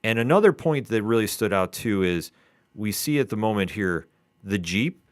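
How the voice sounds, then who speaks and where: A man co-hosting a comic book review podcast, calmly recapping the story. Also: lowish voice, moderate pace, no echo, studio quality. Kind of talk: casual review chat.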